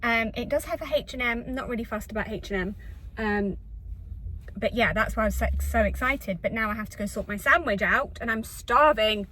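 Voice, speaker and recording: A woman from England, chatting and rambling to camera in a casual vlog from her car, self-deprecating and lively. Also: fairly high pitch, brisk, poor audio. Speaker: vlogger. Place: in her car in a retail park.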